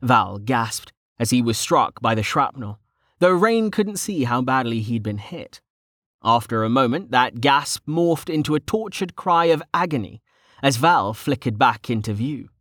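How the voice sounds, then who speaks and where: A man reading a fantasy novel aloud as its narrator, in a steady, measured way on a close mic. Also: mid-range voice, no room sound. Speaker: audiobook narrator. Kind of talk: scripted audiobook narration.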